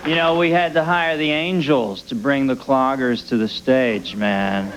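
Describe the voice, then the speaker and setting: A man's voice: medium pitch, measured pace. A man hosting a late-night talk show, trading sardonic wisecracks before introducing his next guest in a TV studio. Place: TV studio with live audience. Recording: broadcast with audience crowd noise.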